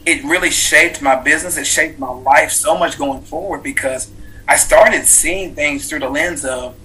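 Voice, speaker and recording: Earnest, bright-voiced man in his thirties. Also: on the high side, moderate pace, slight background noise, poor audio. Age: 30s. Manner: earnest, reflective, with many fillers and restarts. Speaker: guest, author. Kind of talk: personal story in an interview.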